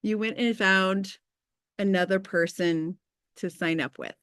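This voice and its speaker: A woman in her thirties hosting a casual motivational team call, chatty and candid, with quick asides and faith talk. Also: medium pitch, a bit bright, clear, resonant tone, no echo, studio quality.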